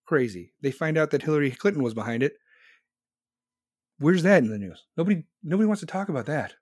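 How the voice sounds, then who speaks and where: A man's voice: on the high side, lively intonation, quick pace, a little mellow, no room sound, studio quality. A man live streaming, answering his chat in a blunt, profane, rambling rant. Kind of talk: casual political rant.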